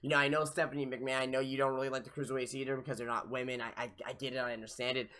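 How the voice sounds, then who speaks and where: A young man hosting a live wrestling review, ranting in a profane, exasperated way with sudden loud outbursts. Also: mid-range voice, flat delivery, racing, smooth. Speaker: podcast host reviewing wrestling.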